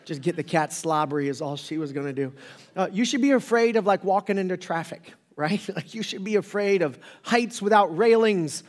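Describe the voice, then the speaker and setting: A middle-aged male pastor with a fairly high voice, joking and rambling through a casual sermon. His voice rings out with a long reverb, as if it were heard in a church sanctuary. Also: moderate pace. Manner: joking, rambling, animated storytelling.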